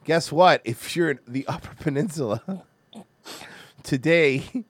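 A man from Florida hosting a podcast, ranting loudly and crudely and mocking others in exaggerated voices. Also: fairly high pitch, slow, husky, no room sound. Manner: loud, profane, mocking rant. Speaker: podcast host. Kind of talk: casual podcast rant.

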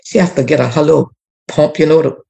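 A woman's voice: deep voice, fast talker, gravelly, mellow, low-quality recording. A woman, a community activist and former teacher, telling a personal story earnestly with many restarts. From Louisiana. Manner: earnest, repetitive restarts, prayerful.

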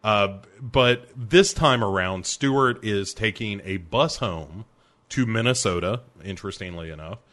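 A man's voice: on the low side, a little slow, fairly bright tone. A man co-hosting a casual movie-review podcast, often breaking into laughter as he talks. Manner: laughs often while talking. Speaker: podcast co-host.

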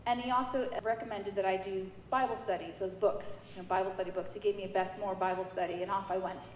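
A woman from New York giving a personal faith testimony, telling her story in a lively way and acting out the dialogue. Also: mid-range voice, fast talker. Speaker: church member giving testimony. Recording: echoey hall with faint noise.

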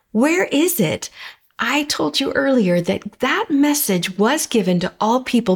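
A woman hosting a devotional podcast, reading scripture and speaking in an earnest, encouraging way, slowing down for declarations. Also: fairly high pitch. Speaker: podcast host.

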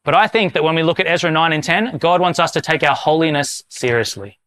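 A man preaching as a pastor, talking casually and with humor, then slowly and solemnly leading a prayer of confession. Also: fairly high pitch, a bit bright, clean tone. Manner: casual, self-deprecating preaching; slow, solemn liturgical reading. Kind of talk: sermon with led prayer.

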